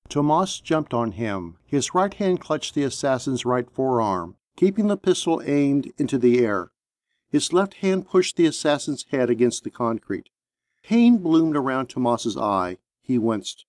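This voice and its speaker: A man narrates a tense action story in a steady, measured reading voice of middle pitch. The recording is close and dry, with no room sound. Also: dry recording. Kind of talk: audiobook narration.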